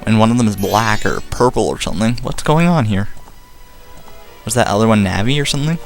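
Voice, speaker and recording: A man's voice: lowish voice, lively intonation, a little fast, vocal fry, soft background music. A young man commenting on a game casually, rambling, joking and swearing. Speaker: let's player.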